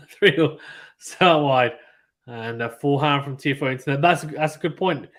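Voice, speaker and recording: A man with a mid-range voice gives casual play-by-play of a live match on a stream, speaking at a moderate pace. He grows excited and reads out comments from viewer chat.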